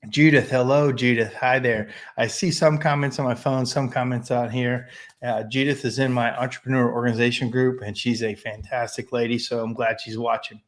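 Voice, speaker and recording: A man from the United States hosts a weekly live stream and speaks in a loose, rambling monologue. He sounds opinionated and talks straight to his viewers. His voice sits at an ordinary middle pitch. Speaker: host of a weekly live business show, chimney sweep.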